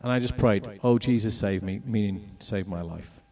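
A man's voice: fairly low pitch, normal speed, recorded from a distance. Man telling his story, heard from afar. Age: middle-aged. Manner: animated storytelling, acts out voices and moments. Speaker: speaker telling his testimony. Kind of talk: personal testimony talk with slides.

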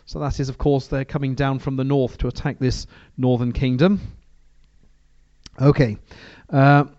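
A man's voice: mid-range voice, fairly even intonation, normal speed, warm tone, no room sound, highs cut off. A man preaching a sermon and reading from the Bible, talking in a conversational way with frequent restarts.

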